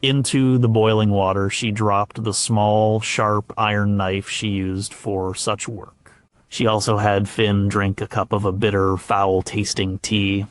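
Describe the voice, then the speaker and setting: A man narrating a scripted history documentary in a measured way, with occasional stumbles and fillers. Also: on the low side, flat delivery, no room sound.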